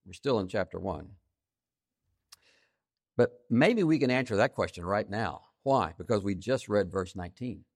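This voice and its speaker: A man preaching a sermon, stressing key phrases by repeating them and swinging between loud emphasis and quiet asides. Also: on the low side, expressive, moderate pace, long pauses, dry recording, studio quality. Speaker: pastor.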